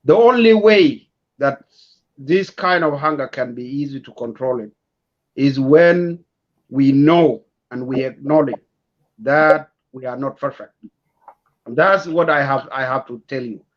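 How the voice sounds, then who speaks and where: A man speaking as a talk show guest, measured and hesitant with many fillers. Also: fairly high pitch, lo-fi sound.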